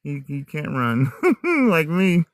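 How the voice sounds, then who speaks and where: A man who grew up across many states in the U.S. hosts a casual livestream from the woods after dark, chatting directly to his audience and laughing often. His accent mixes Midwestern, Southern and Northern American speech, and his medium-pitched voice is a bit bright, with no echo.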